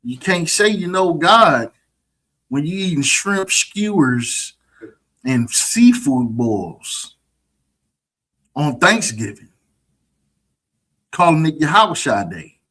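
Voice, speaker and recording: A husky-voiced man leads an online scripture lesson, preaching with a mocking edge. He keeps checking in with his listeners, asking whether they understand. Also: on the high side, very animated, slow pace, pauses often, bright, forceful tone. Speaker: scripture teacher.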